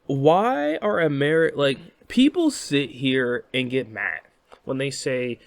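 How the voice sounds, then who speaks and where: A man's voice: medium pitch, lively intonation, slow pace, vocal fry, no echo. Rambling young man, dry voice. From United States. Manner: rambling, frequent "right?", swearing. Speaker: host. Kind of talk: casual commentary vlog.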